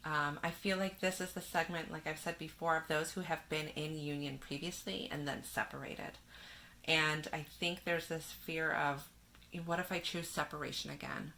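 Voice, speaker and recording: A woman giving a spiritual tarot reading in a gentle manner, reading card verses aloud and laughing softly now and then. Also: low-pitched, fairly even intonation, normal speed, vocal fry. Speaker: tarot reader.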